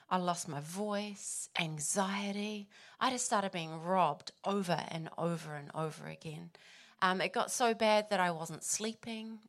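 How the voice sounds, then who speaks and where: A woman's voice: lowish voice, fairly bright tone. Emotional New woman giving testimony. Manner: emotional, laughing between phrases. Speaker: pastor's wife. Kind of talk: personal testimony.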